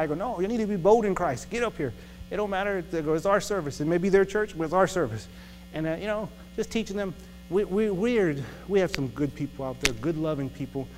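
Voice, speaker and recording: A man preaching a casual testimony sermon, often laughing as he tells a story. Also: fairly high pitch. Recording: reverberant hall with music.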